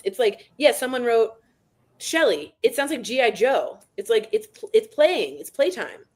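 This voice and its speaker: A woman's voice: on the high side, sing-song, husky. A woman co-hosting a comedic news podcast, candid and sarcastic in casual chat. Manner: candid, sarcastic, quick to laugh. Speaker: podcast co-host.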